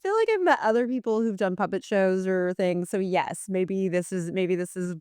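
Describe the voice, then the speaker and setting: A woman's voice: mid-range voice, moderate pace, darkish tone, clear, resonant tone, no echo, studio quality. A woman who is a guest on a podcast, talking in an easygoing, rambling casual chat. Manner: easygoing, rambling with fillers and laughs.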